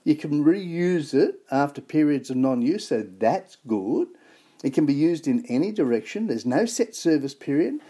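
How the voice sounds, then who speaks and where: An enthusiastic Australian host chats casually about local products, with a mellow, warm tone and a voice that swoops up and down a lot. Web addresses get spelled out slowly, letter by letter. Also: medium pitch, animated, slightly rough.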